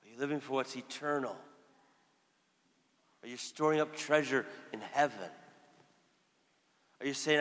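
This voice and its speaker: A man's voice: medium pitch, fairly even intonation, a little slow, pauses often, pushed and bright. A male Catholic priest preaching a sermon, telling a story conversationally and voicing the people in it. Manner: storytelling with voiced quotes, conversational. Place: church. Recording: long church reverb.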